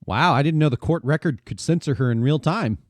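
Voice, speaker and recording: A man's voice: fairly high pitch, brisk, dry recording. A man streaming a game, joking and bantering playfully and laughing often. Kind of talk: casual let's-play banter.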